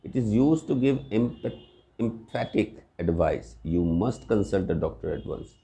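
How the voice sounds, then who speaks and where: Low, mellow-voiced grammar teacher man. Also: animated, a little slow. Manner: explains patiently with examples, often asks "right?". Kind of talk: recorded grammar lesson.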